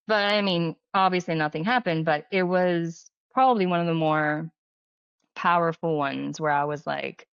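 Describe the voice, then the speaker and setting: A woman's voice: fairly low pitch, steady tone, normal speed, smooth, no echo. A middle-aged woman, a medium and healer, telling stories in a casual interview, full of "like" fillers and acting out quoted dialogue. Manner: chatty, filler-heavy, acts out quoted dialogue. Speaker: medium and healer, podcast guest. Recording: dull lo-fi dry sound.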